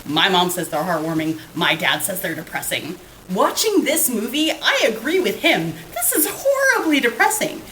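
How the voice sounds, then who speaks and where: A woman co-hosting a podcast in casual chat, dramatic and animated, often breaking into laughter. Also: medium pitch, normal speed, slight background noise. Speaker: podcast co-host. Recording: roomy echo.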